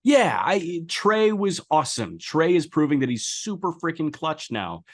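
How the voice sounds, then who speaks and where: A man co-hosting a baseball podcast, recapping games with enthusiasm and quick stat-heavy talk. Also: a little high, big pitch swings. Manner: enthusiastic, recaps game stats in a brisk flow. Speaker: podcast co-host. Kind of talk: casual sports podcast chat.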